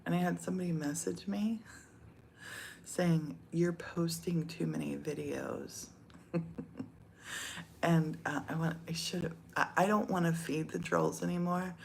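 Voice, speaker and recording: A woman's voice: on the low side, fairly even intonation, measured pace, vocal fry, pauses often, a little hiss or hum. A middle-aged woman from the United States chatting casually, laughing often and slipping into whispers. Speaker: vlogger. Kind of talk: casual chat.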